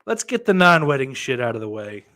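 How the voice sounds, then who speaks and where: This podcast host has a mid-range, sharp-toned voice with big pitch swings, speaking a little fast as he chats and reads viewer comments. He's rambling, very profane, and self-mocking.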